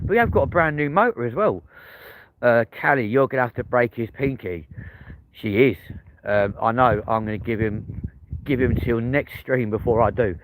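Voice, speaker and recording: A man with a Manchester accent hosting a casual live stream, joking and talking straight to his viewers. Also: mid-range voice. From England. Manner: chatty, jokey, addresses the chat directly. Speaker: livestream host. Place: in a car. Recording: clear background noise.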